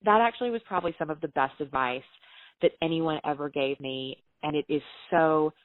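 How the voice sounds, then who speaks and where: This guest writer, a woman from the American South, has a deep voice and talks a little fast, with no echo, though the line is tinny and phone-like. She shares career stories in a casual, lively way, voicing the quoted dialogue herself.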